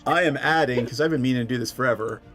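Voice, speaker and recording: A man running a casual tabletop game as dungeon master, loose and quick to laugh. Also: medium pitch, music in the background.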